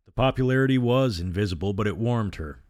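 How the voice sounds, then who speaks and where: A man with a low voice reads a horror story aloud at a measured, steady pace. The sound is dry and close to the mic, with no room around it. He stays calm and even as he reads. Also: no echo. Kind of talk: reading a horror novel aloud.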